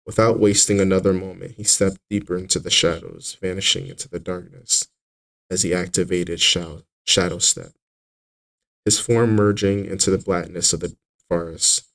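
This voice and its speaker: A man narrating his own fantasy book as an audiobook, steady with occasional slips and restarts. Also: low voice, moderate pace, vocal fry, rough recording.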